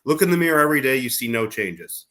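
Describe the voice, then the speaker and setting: A man's voice: medium pitch, lively intonation, fast, sharp tone. A man co-hosting a podcast, joking with his co-host and then giving motivational advice about growth. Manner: teasing, motivational, builds points with examples. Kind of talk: casual podcast chat.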